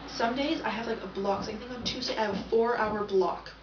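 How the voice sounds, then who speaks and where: A woman's voice: on the high side, steady tone, a little fast, distant mic, a little hiss or hum. A young woman rambling through a casual video diary and often correcting herself. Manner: chatty, rambling, self-correcting. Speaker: vlogger. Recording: echoey, dull, from off the mic.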